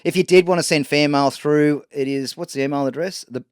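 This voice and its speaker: A man's voice: fairly high pitch, fairly quick, smooth, no room sound, studio quality. A man co-hosting a podcast in casual, joking chat with a crude sense of humour. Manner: joking, crude, reads out jokes from listeners. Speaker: podcast co-host.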